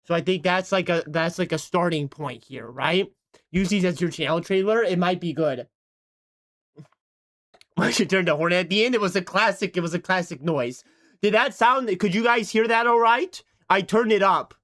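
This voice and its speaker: A man's voice: high voice, moderate pace, fairly bright tone. A man livestreaming in casual chat, talking to his viewers in a self-mocking way from his home setup into a desk microphone. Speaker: streamer.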